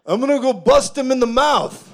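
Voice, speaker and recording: A man voicing a hot-tempered warrior archangel with an Italian accent, talking loud and tough. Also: extremely high pitch, animated, normal speed, pitched above the performer's own voice. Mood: belligerent. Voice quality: loud, brash, tough-guy talk.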